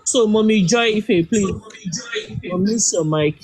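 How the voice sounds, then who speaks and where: A man's voice: high-pitched, measured pace, darkish tone, breathy edge. A man with a Nigerian accent, moderating a live audio room in a hesitant, apologetic way.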